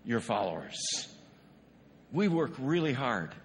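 A man's voice: mid-range voice, big pitch swings, slow, in a large hall, a little hiss or hum. A male pastor preaching a sermon in a conversational way, often asking the congregation rhetorical questions. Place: church sanctuary.

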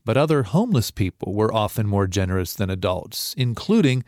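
A man's voice: on the low side, sing-song, fairly quick, darkish tone, no echo, studio quality. A man narrating a news feature in a conversational tone, speaking straight to the listener.

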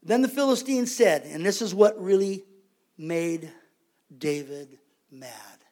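A man's voice: sits high, expressive, slow pace, a little mellow. A man preaching a sermon as pastor, conversational and emphatic, repeating his points for weight.

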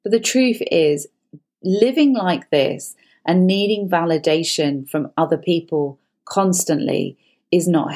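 Lower-voiced woman giving earnest advice. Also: dark tone. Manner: earnest, repetitive, explanatory. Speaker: guest psychologist. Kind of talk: conversational advice talk.

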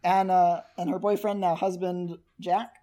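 A man's voice: sits high, level tone, a little slow, dark tone. A man co-hosting a podcast, telling a story and teasing his partner in casual chat. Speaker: podcast co-host.

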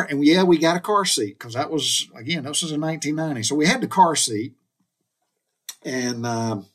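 Middle-aged guy from the us spinning a folksy yarn, y'all and all, voice sits a bit high. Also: fairly bright tone. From United States. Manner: folksy, colloquial, addresses listeners as y'all. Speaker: storyteller. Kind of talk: casual spoken storytelling.

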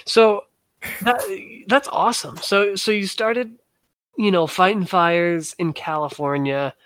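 A man's voice: sits high, fairly even intonation, slow pace, a bit bright, no room sound. A man hosting an interview, asking curious follow-up questions and affirming the answers. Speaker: podcast host. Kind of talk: casual interview.

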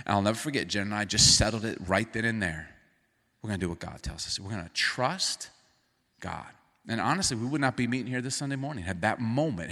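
A middle-aged man preaching a sermon as pastor, animated and rising into emphatic bursts. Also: on the low side, big-room sound. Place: church sanctuary.

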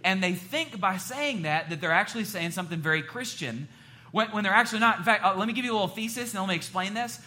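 A man preaching a sermon as pastor, animated and quick to joke with the congregation. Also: sits high. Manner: animated, joking asides to the congregation.

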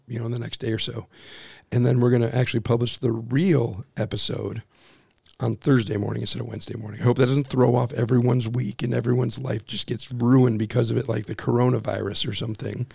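A man in his forties with a hoarse, husky voice from overuse, co-hosting a casual church podcast in a small office with a joking, self-deprecating manner. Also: medium pitch, little pitch movement, brisk, dark tone, no echo. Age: 40s. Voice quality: gravelly, husky. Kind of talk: casual chat. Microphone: boom-arm studio mic.

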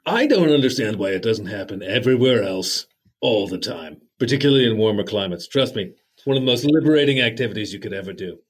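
A man's voice: on the low side, animated, fast, husky. A man playing a jolly, sentimental old Santa Claus as an interview guest, folksy and chuckling. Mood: jovial. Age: older.

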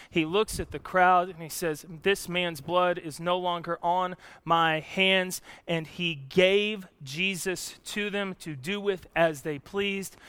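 A male pastor preaches a sermon, telling the story dramatically and swinging between loud emphasis and hushed, somber lines. His voice is on the high side and smooth, with no room sound.

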